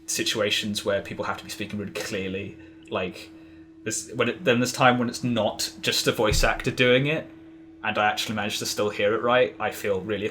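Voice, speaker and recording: A man's voice: on the low side, fairly bright tone, slight background noise. A man chatting casually as a podcast guest, rambling with lots of fillers and restarts. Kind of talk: casual interview chat.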